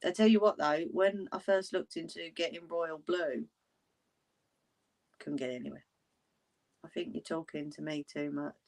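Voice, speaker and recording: A woman hosts a casual livestream, chatting with her viewers. She talks in an unhurried, drawn-out way with a somewhat low voice. She is blunt and breaks into laughter often. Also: steady tone, gravelly, a little mellow. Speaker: livestream host.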